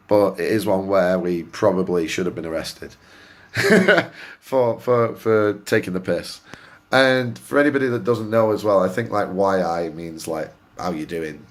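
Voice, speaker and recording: A man from Oldham with a Greater Manchester accent, hosting a gaming channel and telling a story in a casual, animated way, swearing freely and laughing at himself. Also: lowish voice. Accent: Greater Manchester English. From Oldham, England.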